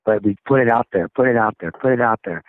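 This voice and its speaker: Man, rock singer, interview guest, low voice, rambling, phone-line sound. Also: fast, no room sound. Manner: rambling, animated storytelling with laughs. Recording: tinny phone line, dry.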